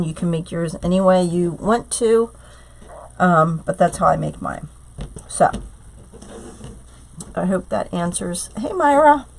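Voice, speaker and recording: A hoarse middle-aged woman leads a live craft demo at an unhurried, easy pace. She keeps greeting viewers by name between steps. Her voice sits a little low. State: hoarse from a cold. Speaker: craft tutorial host. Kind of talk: live-streamed craft tutorial chat. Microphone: tablet streaming live.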